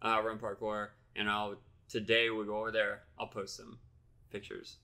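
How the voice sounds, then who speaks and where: A man co-hosting a podcast, talking in a loose, chatty way. His voice is bright and tense at the edges, and he drifts easily from one topic to the next with a playful streak. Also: lowish voice, completely flat delivery, normal speed, vocal fry. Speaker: podcast co-host. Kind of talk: casual podcast chat.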